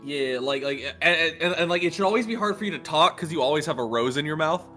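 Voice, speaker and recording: A man's voice: a little high, animated, fast talker, sharp tone, soft background music. A man at a tabletop game bantering, stammering and teasing between chuckles. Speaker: player.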